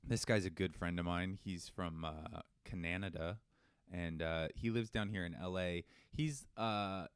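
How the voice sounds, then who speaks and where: A man's voice: low voice, steady tone, measured pace, clean tone, no echo, studio quality. A man co-hosting a podcast in casual chat, rambling and self-deprecating, trailing off with fillers. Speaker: podcast co-host.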